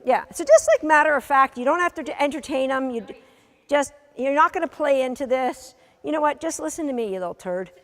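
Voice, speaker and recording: Brisk dog trainer woman, lively high voice. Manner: brisk, matter-of-fact commands mixed with teasing. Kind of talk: coaching a live training session. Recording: long reverb of a large hall.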